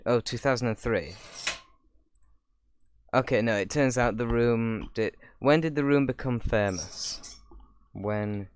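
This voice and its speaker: A man's voice: mid-range voice, takes it slowly, long pauses, a little hiss or hum. A young man hosting his channel, giving rambling casual reaction commentary with sarcastic asides. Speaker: YouTuber host.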